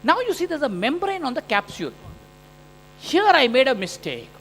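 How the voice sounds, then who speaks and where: High, bright man lecturing in a hall. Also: moderate pace. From India. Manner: animated, joking, first-person narration with frequent "okay?". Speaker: eye surgeon lecturer. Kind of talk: conference lecture over surgical video. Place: large conference hall.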